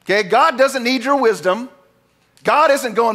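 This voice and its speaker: A man preaching a sermon as pastor, talking casually to his congregation and acting out quoted lines with big jumps in pitch and loudness. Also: a little slow. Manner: animated, acts out God's lines with big swings in pitch and volume; conversational asides to the congregation.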